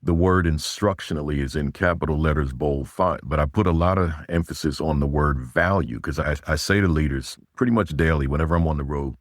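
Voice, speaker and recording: A man with an extremely deep, low voice answers interview questions, leaning hard on key words so his pitch climbs when he stresses them. The sound is dry and close, with no room around it. He sounds middle-aged and practiced at speaking to audiences. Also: fairly quick, few pauses, no echo. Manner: emphatic, rising on key words. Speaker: guest, school leadership speaker.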